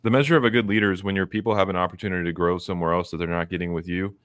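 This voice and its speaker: Fast-talking deep-voiced male host. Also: steady tone, no echo. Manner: quick, chatty, gives opinions at length. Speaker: podcast host. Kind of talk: casual interview chat.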